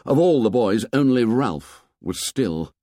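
A man at a medium pitch tells the story of a novel in audiobook form, steady and expressive. The sound is clean studio audio without any room sound.

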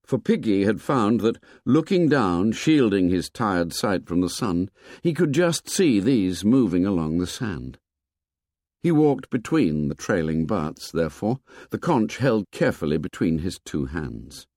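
A man narrating a novel as an audiobook in a measured, expressive storytelling manner. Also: low-pitched, no echo, studio quality.

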